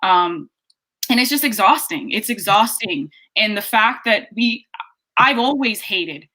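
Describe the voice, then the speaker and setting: A woman's voice: medium pitch, expressive, unhurried, bright, forceful tone. A woman activist on a panel who speaks bluntly and emphatically and asks rhetorical questions. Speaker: activist guest. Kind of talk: panel discussion.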